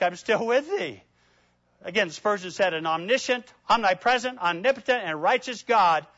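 A man preaching a sermon, swinging between loud emphatic peaks and hushed prayerful asides, reading scripture slowly and deliberately. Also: sits high, dry recording, dull audio. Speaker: pastor.

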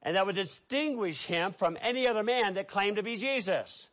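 A middle-aged man preaching a sermon, telling stories with lively, animated delivery. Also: high-pitched, normal speed. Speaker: pastor.

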